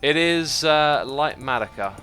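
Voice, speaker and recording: Man, livestream host, bright forceful voice, casual rambling chat, faint music behind. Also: a little high, expressive, unhurried. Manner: thinks aloud with many fillers and restarts.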